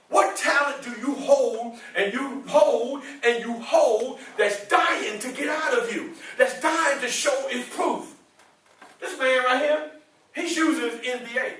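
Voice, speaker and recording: Speaking a little slowly, a motivational speaker with a high, bright, ringing voice leads a playful call-and-response session with students indoors. He teases, laughs often, and keeps throwing questions at the crowd. The audio is heavily echoey, captured from far across the room.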